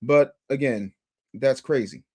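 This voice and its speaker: A man's voice: mid-range voice, slow, dark tone. A man hosting a live stream, reacting to a clip and reading viewer super chats aloud with energy. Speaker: livestream host.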